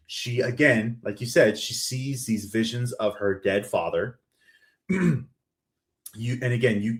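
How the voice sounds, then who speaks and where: A man with a somewhat low voice hosts a podcast and retells a horror story in casual chat. He keeps the telling lively and slips into quick voiced versions of the characters' lines. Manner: animated storytelling, acts out quoted lines. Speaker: podcast host. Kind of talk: casual plot recap.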